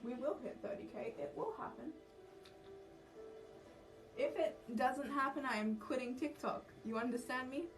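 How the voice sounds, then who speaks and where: A woman's voice: high-pitched, moderate pace, pauses often. Chatty woman livestreaming. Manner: chatty, self-mocking, easily sidetracked. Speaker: cosplay livestreamer. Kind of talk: casual livestream chat. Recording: distant mic with music behind. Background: background music.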